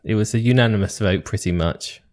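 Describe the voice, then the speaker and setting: A man's voice: fairly low pitch, a little fast, a little mellow. A man co-hosting a casual podcast chat, making dry, wry asides. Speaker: podcast co-host.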